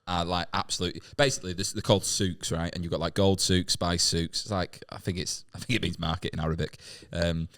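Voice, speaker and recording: A man with a very deep voice rattles through a rambling travel anecdote at speed. He swears freely and restarts his sentences often. The tone is casual podcast chat. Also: fairly even intonation, fairly quick, few pauses, a bit bright. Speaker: comedian podcast guest.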